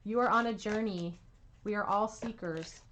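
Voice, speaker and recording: A woman giving a pick-a-card tarot reading at home, soothing and reassuring, with soft laughs. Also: mid-range voice, moderate pace, slight background noise. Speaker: tarot reader.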